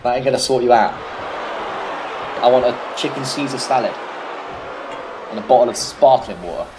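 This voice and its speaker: British man, solo video game wrestling commentary, mid pitch, rambling, swears a lot, jokey, noisy background. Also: normal speed.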